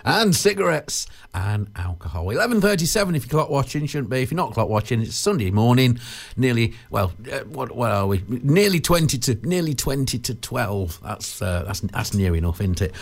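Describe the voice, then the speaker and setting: A British man hosts a casual radio show. He chats in a loose, rambling way, full of fillers and restarts, and his pitch swings up and down as he goes. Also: sing-song, moderate pace, creaky. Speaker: radio presenter.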